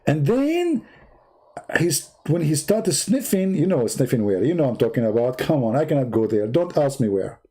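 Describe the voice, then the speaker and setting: A man hosting a livestream, retelling a story in a mocking, animated way in loose, nonstandard English. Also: mid-range voice, brisk, few pauses, breathy edge. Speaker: livestream host. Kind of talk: mocking religious commentary, casual.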